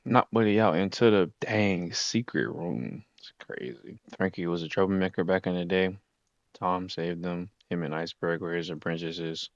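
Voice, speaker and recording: A young man casually recapping a story in heavy slang, jumping into loud shouted impressions of the characters. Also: deep voice, steady tone, normal speed, dry recording. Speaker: anime recap host. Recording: slightly muffled lo-fi recording.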